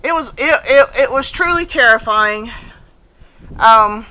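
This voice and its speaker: A woman's voice: a little high, expressive, unhurried, sharp tone. A woman in her fifties telling a personal story to camera in a casual, earnest way, repeating phrases for emphasis. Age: 50s. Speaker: vlogger.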